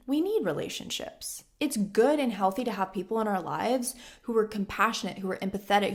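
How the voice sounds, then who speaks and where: A woman in her twenties giving casual self-help advice to the camera, blunt and emphatic, repeating lines for stress. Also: mid-range voice. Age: 20s. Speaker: vlogger.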